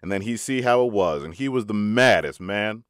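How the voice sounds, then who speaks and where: Low-voiced man reading a folksy tale. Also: lively intonation, dry recording, clean studio sound. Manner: folksy, unhurried storytelling in rustic dialect. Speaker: audiobook reader. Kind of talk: storytelling reading.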